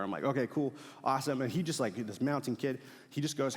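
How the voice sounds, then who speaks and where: A young man preaching a sermon as pastor, telling stories in a casual, animated way with fillers and laughs. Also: fairly high pitch, brisk. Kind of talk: sermon with storytelling. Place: large church auditorium. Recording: long hall reverb.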